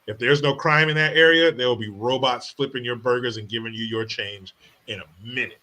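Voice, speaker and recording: A man's voice: medium pitch, fairly quick, pushed and bright, a little hiss or hum. A man hosting a comedy podcast who delivers profane, mocking rants. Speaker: podcast host.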